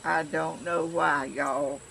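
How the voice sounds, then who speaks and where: An older woman from Georgia talks in a flat Southern drawl. Her voice is slow and gravelly. She rambles in a friendly way to her viewers about a craft project, with a faint hiss in the background. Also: deep voice, rough recording. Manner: chatty, rambling, addresses viewers as y'all. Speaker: craft vlogger. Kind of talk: casual crafting tutorial.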